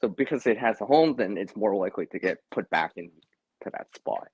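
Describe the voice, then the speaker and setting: A man's voice: lowish voice, animated, brisk, darkish tone, husky, muffled recording. A man hosting a casual live stream from home, chatty, laughing often and repeating words. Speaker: livestream host.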